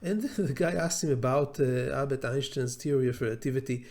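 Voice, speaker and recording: A man's voice: mid-range voice, a little fast, darkish tone. A man with an Israeli accent giving an unscripted lecture, blunt and hesitant, with many filler sounds.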